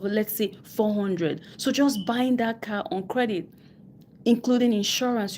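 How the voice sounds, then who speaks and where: A woman coaches on personal finance over a live stream in West African–accented English. Her voice is mid-range and darkish, with a faint hiss or hum underneath. She's emphatic, repeating key phrases to stress points and quoting people in mock voices.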